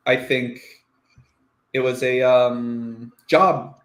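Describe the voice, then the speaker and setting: A man's voice: mid-range voice, fairly even intonation, extremely slow. A man with a mid-range voice talks on a panel, rambling and encouraging, with lots of fillers. The sound is roomy and echoey. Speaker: panelist on a live stream. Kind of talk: casual panel talk. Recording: echoey room.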